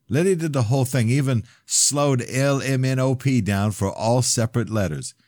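A man reading his own novel aloud in measured first-person narration. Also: lowish voice, expressive, a little mellow, no echo, clean studio sound. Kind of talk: audiobook narration.

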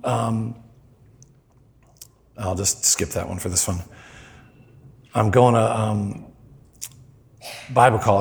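A middle-aged man with a lowish voice delivers a storytelling sermon in a conversational style. He acts out the voices of the characters in his story.

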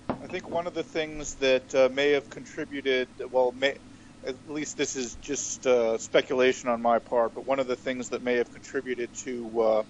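A man co-hosting a casual podcast, speaking hesitantly and filling pauses with uh and um. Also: medium pitch, dull audio, a little hiss or hum. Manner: hesitant, lots of uh and um. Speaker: podcast co-host.

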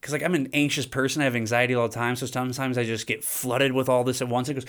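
Smooth-voiced man, casual podcast rant. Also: medium pitch, flat delivery, fast, a bit bright. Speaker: podcast host. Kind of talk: casual monologue.

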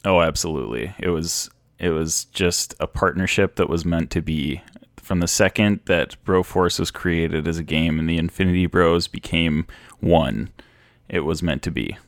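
A man's voice: low voice, moderate pace, no room sound, studio quality. A man co-hosting a casual podcast, playful and enthusiastic as he ribs his friends. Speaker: podcast co-host.

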